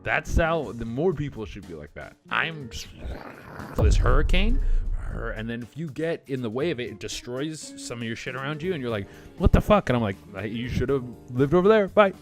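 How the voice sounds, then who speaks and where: A man's voice: mid-range voice, expressive, moderate pace. A man hosting a comedy reaction show, riffing casually with rambling, profane jokes between clips. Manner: rambling, profane, jokey riffs. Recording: music playing behind.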